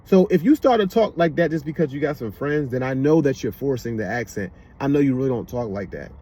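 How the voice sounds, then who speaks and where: A man with a Washington DC-area accent rambles through casual commentary, his medium-pitched voice expressive, a little fast, and edged with breathiness. He leans on repeated fillers and keeps asking if you know what he means, while a loud car passes outside.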